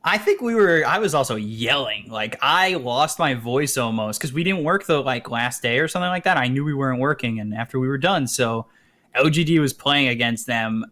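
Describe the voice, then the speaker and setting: A man with a bright, forceful voice co-casts an esports match live. He chats casually and tells animated stories. His voice comes through a close headset mic. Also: medium pitch, fairly quick. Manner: storytelling, animated when recounting. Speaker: esports co-caster. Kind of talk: casual live commentary chat.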